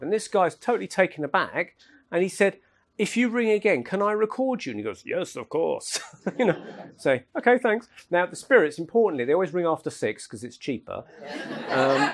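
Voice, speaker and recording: A man telling anecdotes in a relaxed, chatty lecture, laughing at his own jokes. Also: fairly high pitch. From England. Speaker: speaker at a paranormal talk. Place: lecture room at an event.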